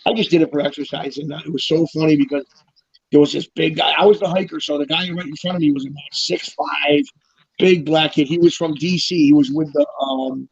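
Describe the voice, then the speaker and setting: A middle-aged man telling stories in a rambling, casual way, swearing freely and acting out quoted lines in a louder voice. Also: a little high, a little fast, creaky, breathy edge, no echo, lo-fi sound. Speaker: guest telling prison stories. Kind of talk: casual chat.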